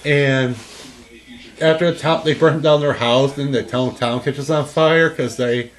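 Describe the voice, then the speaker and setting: A young man chatting casually as a co-host, excitable, laughing often and breaking into high silly voices. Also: a little slow, poor audio. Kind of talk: casual chat.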